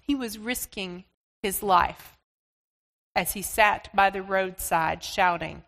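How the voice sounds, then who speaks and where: Woman preacher, storytelling sermon, slow and expressive, church reverb. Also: medium pitch, vocal fry.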